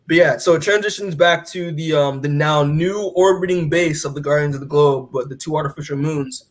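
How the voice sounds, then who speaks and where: Man, podcast co-host, casual comic recap, rambly, lots of "like" and "you know", a bit high-pitched. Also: brisk. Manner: rambling, heavy filler words, swears casually.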